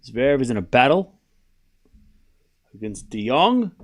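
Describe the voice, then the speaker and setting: A man's voice: medium pitch, sing-song, unhurried. A man streaming a live tennis watchalong, mixing casual play-by-play with teasing replies to his chat. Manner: chatty, teasing, talks straight to his chat.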